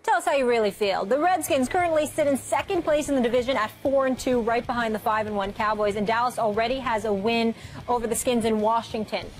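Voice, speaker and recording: A woman's voice: a little high, fast talker. Woman moderating a sports debate. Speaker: show moderator. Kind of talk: sports show moderation and reading news.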